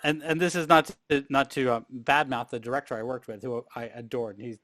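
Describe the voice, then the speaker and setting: A man's voice: mid-range voice, brisk. Man telling career stories on a panel. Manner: animated storyteller, frequent restarts. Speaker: panel guest, performer. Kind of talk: casual storytelling on a panel.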